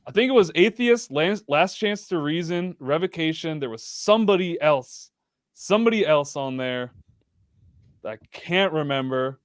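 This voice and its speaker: A man's voice: a little high, animated, moderate pace, dry recording, clean studio sound. A man guest on a podcast chatting casually, rambling with lots of "like" and "um". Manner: rambling, full of "like" and "um". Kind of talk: casual chat.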